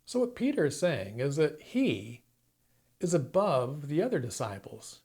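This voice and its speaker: A man's voice: a little high, sing-song, a little slow, a little mellow, husky. A man preaching a sermon, retelling a story dramatically and acting out the quoted lines. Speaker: pastor.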